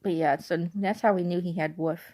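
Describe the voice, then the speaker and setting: Young woman rambling thru a story at home late at night, kinda low mellow voice. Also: steady tone, a little fast. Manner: rambling, chatty, lots of "like". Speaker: vlogger. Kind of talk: casual storytelling to camera. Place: at home in her bedroom, at night.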